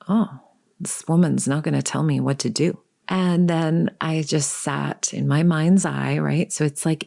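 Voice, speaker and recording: A coach in her forties hosts a reflective solo podcast, speaking gently and without hurry and sometimes sinking to a soft whisper. Her voice is bass-deep and creaky.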